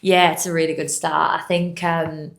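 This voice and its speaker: Woman, football manager, press conference, measured and positive, very low voice, flat delivery. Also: vocal fry, a little hiss or hum. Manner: measured and positive, with many fillers. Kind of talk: post-match press conference.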